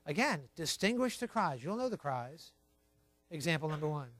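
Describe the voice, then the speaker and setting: A man preaching a sermon, emphatic and repetitive, telling his listeners to write points down, swinging between quiet asides and loud stressed words. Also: on the high side, sing-song, normal speed. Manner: emphatic, repeats key points, tells listeners to write things down. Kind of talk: sermon on child training.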